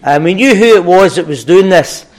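A man's voice: sits high, expressive, normal speed. An older man with a Glaswegian Scottish accent, praying and then telling a story in an earnest, folksy sermon. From Scotland. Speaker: pastor.

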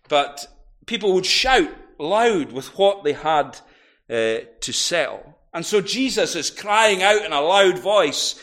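A man delivers a sermon from the pulpit. His voice sits a little on the high side. He tells the story vividly and swells into loud, emphatic peaks. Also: very animated, a little slow. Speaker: preacher.

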